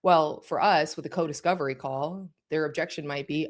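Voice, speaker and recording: A woman's voice: low voice, fairly quick, hardly any pauses. A woman instructor teaching a course in a conversational way, speaking directly and checking in with her listeners.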